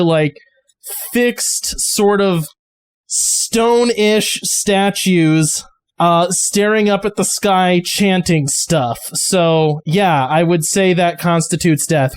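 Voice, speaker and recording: Man voicing a weary wounded scientist, flat and matter-of-fact, sighing, defensive. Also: sits high, smooth.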